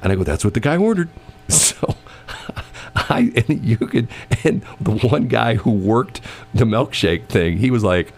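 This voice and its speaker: A man's voice: fairly low pitch, slow. A man telling a story in casual chat, acting out the people in it and laughing often. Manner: animated, acts out quoted voices, laughs often.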